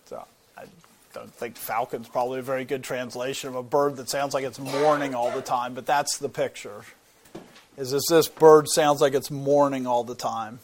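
A man delivers a Bible teaching in an earnest, explanatory way, at a middle pitch. He often restarts a phrase and repeats a word while he works out his point. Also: fairly even intonation, normal speed. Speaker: preacher.

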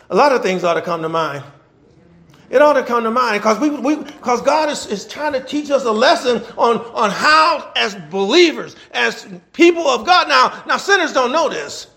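A middle-aged man preaching a sermon in a folksy way, asking the congregation rhetorical questions and laughing between points. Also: very high-pitched. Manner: animated preaching, rhetorical questions, call and response.

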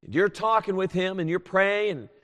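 A man preaching a sermon as a pastor, earnest and pleading, swinging from loud appeals to hushed tones. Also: high-pitched, moderate pace. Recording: long hall reverb.

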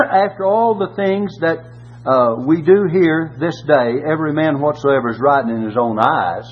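A man preaching a Baptist sermon, reading scripture slowly and adding folksy asides. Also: on the high side, expressive. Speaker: Baptist pastor. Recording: dull lo-fi with faint hum.

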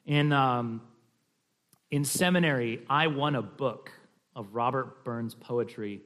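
A man's voice: medium pitch, slow pace, a bit bright. A man teaching a church class on family worship, talking in a conversational, explanatory way with frequent restarts and fillers.

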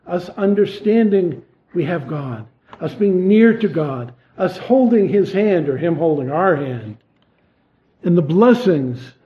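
A man preaching a sermon in an earnest way, asking pointed questions and then dropping his voice low. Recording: tinny phone-like sound.

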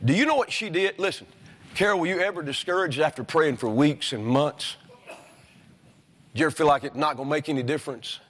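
A man's voice: a little high, brisk, fairly bright tone, long reverb tail. A male pastor preaching a sermon, emphatic and repeatedly questioning his congregation. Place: church sanctuary.

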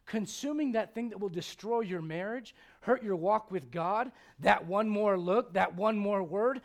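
A male pastor preaching a blunt, confrontational sermon, swinging from loud outbursts to hushed intensity. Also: high voice, unhurried.

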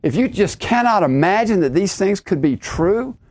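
A man's voice: high-pitched, expressive, normal speed, a little mellow. A middle-aged man preaching a podcast sermon, emphatic, repeating his key lines and rising sharply on exclamations.

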